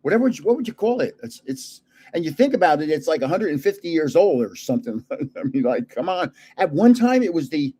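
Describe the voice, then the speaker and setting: Lively, rambling man in his seventies. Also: on the high side, a little fast, husky. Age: 70s. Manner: rambling, chuckles often, trails off searching for words. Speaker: livestream host. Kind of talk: casual livestream chat.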